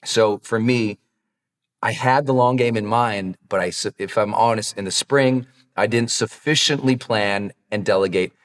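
A man talking as a high performance coach in a motivational podcast, earnest and direct, challenging listeners with warm asides. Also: a little slow, in a large hall.

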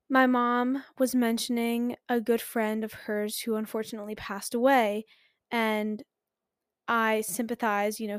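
A woman in her twenties hosts a casual solo podcast. She is candid and pokes fun at herself, laughing often. Her voice sits fairly high and sounds dry and close. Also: a bit bright, no echo. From Philadelphia. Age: 20s. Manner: chatty, candid and self-mocking, laughs often. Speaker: podcast host.

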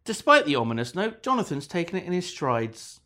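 A woman retells a story in a casual chat, her pitch swinging up and down in a lively way. She leans on fillers like "like" and "I guess" and laughs easily. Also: a little fast.

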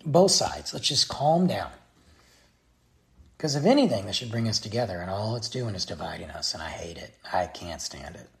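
A man's voice: lowish voice, lively intonation, moderate pace, vocal fry. A man giving a blunt, exasperated opinion rant straight to his viewers. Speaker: vlogger. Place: Texas.

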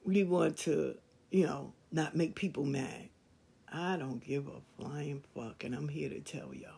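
Blunt, husky-voiced middle-aged woman. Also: sits low, a little slow, warm tone. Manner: blunt, emphatic, swears freely; preachy, lecturing tone. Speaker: podcast host. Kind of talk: candid monologue to listeners.

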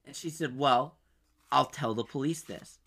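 A man's voice: mid-range voice, a little slow, creaky, slightly rough. A young man co-hosting a podcast, telling a story in casual chat and acting out what people said. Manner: animated storytelling with acted-out quotes and frequent laughs. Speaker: podcast co-host.

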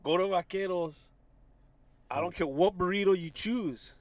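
A man's voice: sits high, moderate pace, dry recording. A man telling a profane, laugh-filled story in casual chat, acting out the voices of the people in it. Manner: profane, laughs often, acts out voices in his stories.

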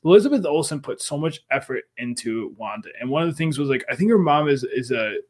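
A man co-hosting a podcast, talking in a casual recap chat and theorizing with excitement. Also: medium pitch, fast talker. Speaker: podcast co-host.

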